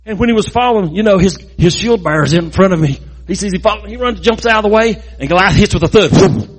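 A man telling a Bible story in a lively, folksy way, adding sound effects and jokes. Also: sits high, fast, slightly rough.

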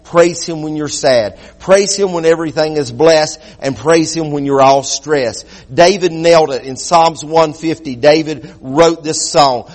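High-voiced preacher in a reverberant hall. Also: male voice. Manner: preaching with swings from loud and quick to low and slow. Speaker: pastor. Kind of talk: sermon.

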